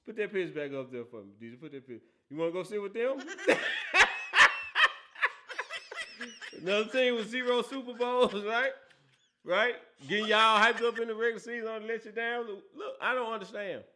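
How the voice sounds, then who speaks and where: A man's voice: high voice, fast, bright, forceful tone. A man hosting a casual football talk show, teasing and laughing often, with a habit of asking "right?". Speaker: host.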